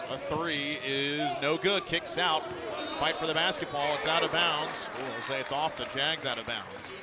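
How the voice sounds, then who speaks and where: A man doing live radio play-by-play of a college basketball game, calling each pass in short clipped phrases and rising sharply when a basket falls. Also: on the high side. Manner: rapid clipped play calls, rising sharply at big plays. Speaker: play-by-play announcer. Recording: loud arena noise behind.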